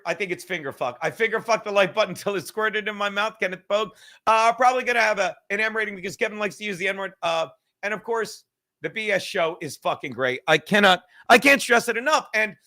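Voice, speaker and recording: High-voiced man ranting with profanity. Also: pushed and bright. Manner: rambling, swears constantly, scattered restarts. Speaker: show host. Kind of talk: casual profane podcast rant.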